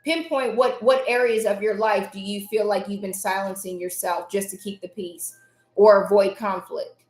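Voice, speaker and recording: A woman's voice: mid-range voice, steady tone, moderate pace, darkish tone, echoey room. A woman hosting a motivational live stream, talking emphatically, repeating her key lines and answering viewers by name. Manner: emphatic, repeats key phrases, reads chat names aloud.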